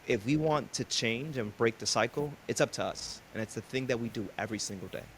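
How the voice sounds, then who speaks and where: A man's voice: medium pitch, fairly quick, a bit bright, a little hiss or hum. A middle-aged man hosting a podcast interview, talking in an earnest, casual way with fillers, and telling stories. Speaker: podcast host.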